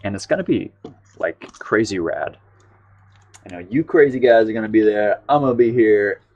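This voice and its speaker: A man from the United States with a fairly low voice hosts a live painting stream. He chats casually to his viewers and rambles, often trailing off and starting his sentences again. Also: animated, moderate pace, a little mellow, highs cut off. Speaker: livestream art host.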